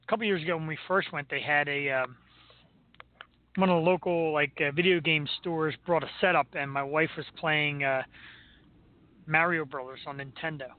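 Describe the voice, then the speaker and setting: High-voiced joking radio host, tinny sound. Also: male voice, steady tone, moderate pace. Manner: storytelling, jokey, laughs often. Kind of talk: casual chat. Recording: narrow phone-like radio sound.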